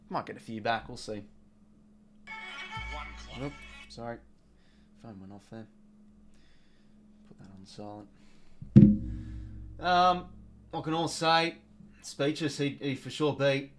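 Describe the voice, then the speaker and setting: An Australian man with a medium-pitched, slightly bright voice hosts a live football watch-along. He talks casually, rambling and exasperated, swearing now and then while reading out viewer donations.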